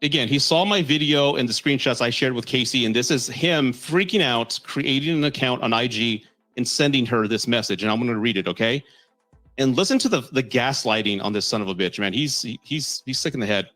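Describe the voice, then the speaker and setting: A man's voice: medium pitch, expressive, a little fast, a bit bright, faint music behind. A man giving casual commentary, reading messages aloud in a blunt, mocking, profane way. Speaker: content creator.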